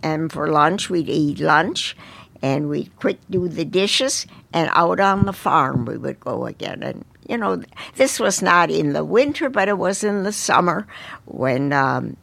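An older woman speaks in a gravelly voice as an interview guest. She tells her stories at an unhurried pace and often restarts her sentences. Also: fairly low pitch, a bit bright. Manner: unhurried storytelling with frequent restarts. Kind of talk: casual interview reminiscence.

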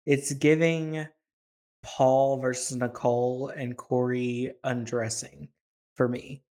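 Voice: mid-range voice, steady tone, slow pace, warm tone. A podcast co-host in casual chat, blunt and joking.

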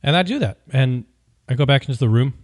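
The man hosting this podcast talks fast as he tells a casual story, wry and opinionated and consistently lively. His voice is mid-pitched, recorded close and dry without any echo or room sound.

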